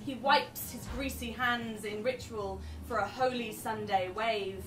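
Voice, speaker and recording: A young woman reads her poems to a live crowd, introducing each with wry, self-deprecating banter. Her voice sits a little high and carries the reverb of an echoey venue. She is picked up from a distance, with steady background noise in the room. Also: a little slow. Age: young adult. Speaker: poet. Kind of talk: live spoken word performance.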